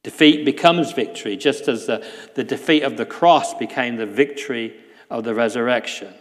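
A man preaching a sermon in a church, earnest, often dropping to a soft hush. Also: medium pitch, moderate pace, in a large hall. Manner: earnest, drops to a soft hush at key lines. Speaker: guest preacher.

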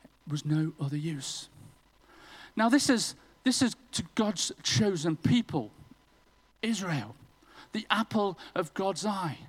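A man's voice: high voice, animated, takes it slowly, slightly rough, poor audio. A man preaching a sermon in a church, telling a personal story with self-deprecating humour.

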